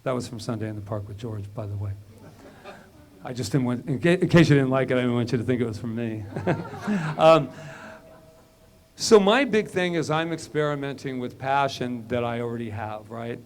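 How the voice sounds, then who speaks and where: A man preaching a casual, story-filled sermon at a middle pitch. He talks the way a friend chats, and his voice goes quiet when he recalls private moments. A faint hum of room noise sits under the recording. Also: expressive, moderate pace. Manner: conversational and storytelling, drops to a hush when recounting inner moments. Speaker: minister.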